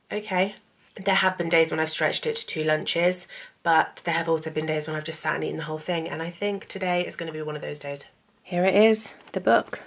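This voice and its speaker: A woman's voice: low-pitched, creaky, a bit bright. A woman in her thirties talking candidly to camera in a casual vlog, getting tearful and emotional as she rambles. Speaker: vlogger and author.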